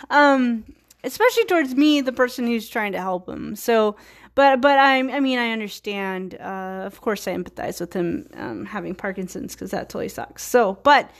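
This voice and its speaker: A woman in her thirties, from Virginia, hosting her own podcast and talking casually with many fillers and restarts. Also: on the high side. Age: 30s. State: a little tired. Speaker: podcast host. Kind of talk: casual solo talk.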